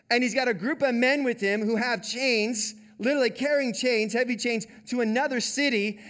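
High-voiced man preaching a conversational sermon. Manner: conversational, animated preaching with repeated "like". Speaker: pastor.

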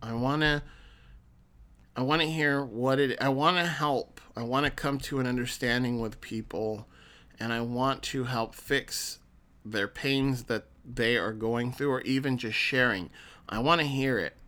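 A man with a bright, forceful voice speaks slowly and earnestly in a solo podcast monologue. He sounds like a counselor encouraging his listeners, and he often restarts his sentences. His pitch sits in the middle of the male range.

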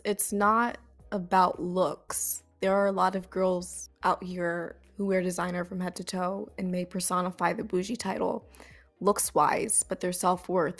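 A woman's voice: fairly low pitch, vocal fry. A young adult woman hosting a podcast, giving casual advice in a chatty way that is full of "like" fillers. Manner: chatty, frequent "like" fillers, breaks into laughs. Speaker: podcast host.

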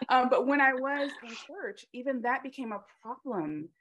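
A woman's voice: high voice, normal speed. A woman speaking in a casual conversation, telling personal stories with lots of ums. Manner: animated storytelling with frequent ums.

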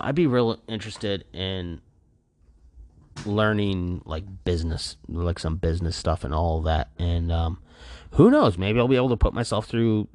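A man's voice: sits low, darkish tone, dry recording, clean studio sound. A worn-out man rambling loosely through a casual solo podcast from his apartment, full of fillers. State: tired, worn out. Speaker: podcast host.

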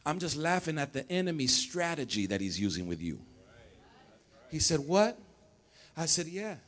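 Male pastor, high and bright, sermon with call-and-response. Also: animated, moderate pace. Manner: swings from shouted preaching to low conversational storytelling. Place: church sanctuary.

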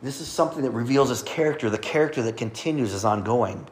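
A man's voice: medium pitch, fast. A man preaching a sermon, explaining scripture and the names of God with light asides to his listeners. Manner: teaching, reading scripture aloud, light asides.

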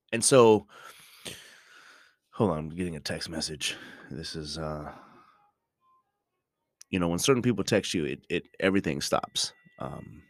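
A man's voice: a bass voice, no echo, studio quality. A middle-aged man hosting a podcast, talking in a casual, reflective monologue full of restarts and ums. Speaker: podcast host.

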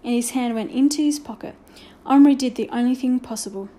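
Storybook narrator, woman, mellow tone, slightly high voice. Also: brisk.

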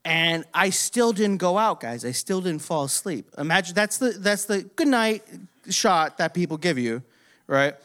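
A young man telling a story in a casual, profane, animated way, laughing often. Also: sits high, measured pace.

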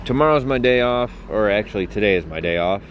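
A man's voice: on the low side, lively intonation, fast, a little hiss or hum. A man rambling and joking to his viewers in a casual vlog, self-mocking and chatty. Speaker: vlogger.

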